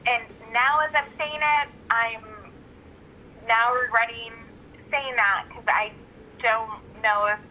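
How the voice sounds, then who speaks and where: A woman co-hosting a podcast in casual chat, hesitant with many pauses and fillers. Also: on the high side, fairly even intonation, pushed and bright, highs cut off, a little hiss or hum. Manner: hesitant, many ums, giggly. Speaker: podcast co-host.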